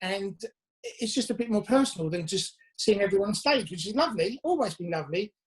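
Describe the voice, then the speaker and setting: A man from England, a musician guest, telling chatty anecdotes with quick asides over a video call from his home. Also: sits high, lively intonation. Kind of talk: casual interview chat.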